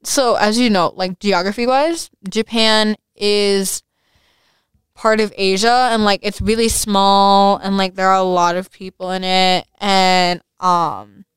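Brief: teen girl podcaster with a lisp, slow unhurried delivery, very clear voice, dry close sound. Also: medium pitch, steady tone, no echo. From United States. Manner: rambling, many fillers and restarts. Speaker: podcast host. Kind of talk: casual solo podcast.

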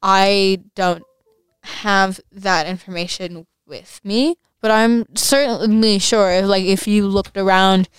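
A woman's voice: medium pitch, fairly even intonation, slow pace, smooth, no echo. A young woman with a lisp hosting a casual solo podcast, rambling with many fillers and restarts. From United States. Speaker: podcast host.

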